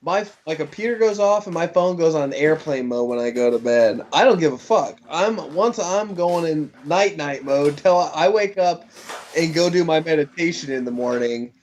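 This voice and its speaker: A man's voice: on the high side, moderate pace, a little mellow, slight background noise. A man chatting casually as a livestream guest, laid-back, laughing often and swearing loosely. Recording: dull lo-fi audio.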